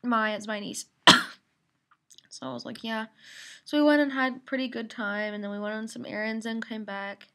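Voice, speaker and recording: A teenage girl records a casual video diary, her voice sitting a little high. She rambles and vents, leaning on ums, uhs and likes as she talks it through. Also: fairly even intonation, moderate pace, a bit bright. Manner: rambling and venting, full of fillers. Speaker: video diarist. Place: her mother's office.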